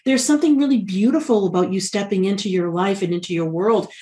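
A woman talking as a podcast guest in an emphatic, animated way, speaking over a video call. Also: mid-range voice, fast talker. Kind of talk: casual podcast conversation.

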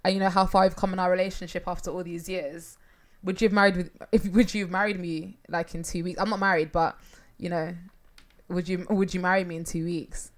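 A woman's voice: lowish voice, flat delivery, a little fast. A young woman co-hosting a casual true-crime chat, blunt, swearing and laughing often. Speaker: podcast co-host.

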